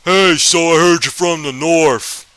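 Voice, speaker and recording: A man's voice: a little high, a bit bright, smooth, no echo, voice pushed up, low-quality recording. A man putting on a drawling Southern teacher. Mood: condescending. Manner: slow, drawling, condescending. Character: big bloated male Southern history teacher.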